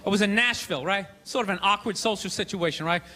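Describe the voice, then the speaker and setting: A man doing a stand-up comedy set on a theater stage, ranting and mocking with loud shouted bursts. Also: high voice, fast. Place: theater stage with live audience. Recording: live show with crowd noise.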